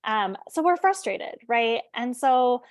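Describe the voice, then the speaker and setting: A woman's voice: fairly high pitch, animated, slow pace, no echo. Woman doing a chatty parenting talk, dry close sound, lots of little check-ins. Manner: conversational, candid, frequent fillers and check-ins. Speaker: parenting educator. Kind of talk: informal parenting presentation.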